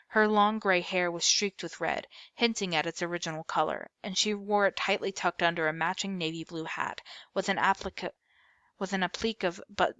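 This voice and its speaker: A woman reading a novel aloud as a storyteller, steady with small slips and self-corrections. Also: fairly low pitch, no echo.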